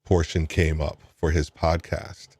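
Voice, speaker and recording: A man's voice: very deep voice, little pitch movement, a little slow, darkish tone, no room sound. A man hosting an interview podcast, talking casually and rambling with many repeated words. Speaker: podcast host.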